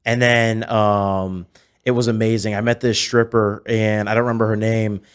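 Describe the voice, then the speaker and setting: A man in his twenties, a podcast guest telling animated stories in casual chat, often restarting his sentences. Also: on the low side, normal speed, smooth. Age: 20s. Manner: animated storyteller, frequent restarts. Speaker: podcast guest, celebrity impersonator.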